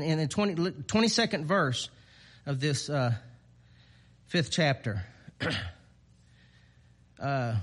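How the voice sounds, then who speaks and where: A man preaching in a folksy, unpolished way, stopping and restarting his thoughts with plenty of filler sounds. His voice sits a little on the high side for a man, and he chuckles at himself now and then. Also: a bit bright. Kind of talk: informal sermon.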